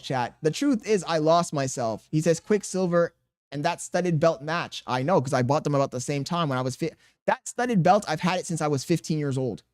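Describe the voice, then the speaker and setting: A man's voice: a little high, darkish tone. A man in his thirties streaming live, reading viewers' chat aloud and answering with crude jokes and laughter. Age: 30s.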